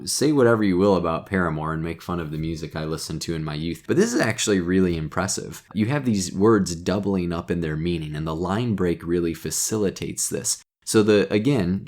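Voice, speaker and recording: Deep-voiced man explaining poetry. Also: a little fast, a little mellow. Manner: chatty, self-deprecating, enthusiastic. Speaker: teacher and channel host. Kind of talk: casual explainer lesson.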